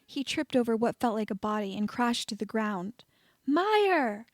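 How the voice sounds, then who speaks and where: A woman reading fan fiction aloud as an audiobook narrator, steady and even. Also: on the high side, a little fast, no echo, clean studio sound. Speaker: audiobook reader.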